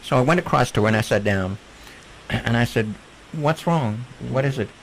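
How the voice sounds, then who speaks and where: A man, a guest on a video call, earnestly telling a personal story in a gentle way. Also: mid-range voice, moderate pace, slight background noise, poor audio.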